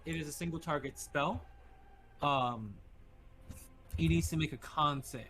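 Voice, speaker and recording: A man's voice: on the high side, measured pace, a bit bright. Casual, swearing male tabletop player. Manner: casual, thinks aloud, swears.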